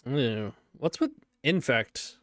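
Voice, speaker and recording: A man's voice: mid-range voice, wildly swooping pitch, slow pace, fairly bright tone, no echo, clean studio sound. A man streaming a card game, talking casually through each play and reacting as it unfolds. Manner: casual running commentary, reacting to plays. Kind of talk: live card game commentary.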